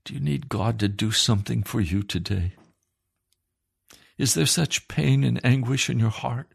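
Male preacher, sermon delivery, unhurried and emphatic, gravelly low edge, repeats lines for weight.

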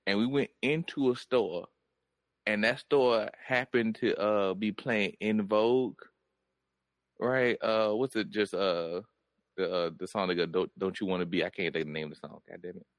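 A man in his thirties with a lowish voice talks in a casual chat. He rambles and halts, gropes for words, and keeps pressing his point. The sound is dry and close to the mic. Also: no echo. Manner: rambling, halting, insistent.

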